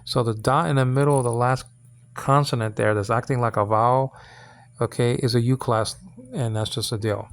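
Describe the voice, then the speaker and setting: A man leads an informal Hebrew lesson on his own channel, his voice gravelly with fry. He talks haltingly, repeats himself, and keeps checking in with his listeners. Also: medium pitch, steady tone. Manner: halting, repeats words, many fillers; coaxing checks like "okay?" and "you understand?". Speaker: channel host teaching Hebrew.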